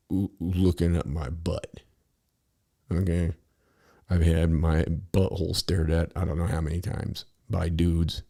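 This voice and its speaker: A man with a very low, gravelly voice tells a winding story in casual talk. His tone is dark and mellow, and he wanders off topic and swears freely as he goes. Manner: rambling, profane, easily sidetracked.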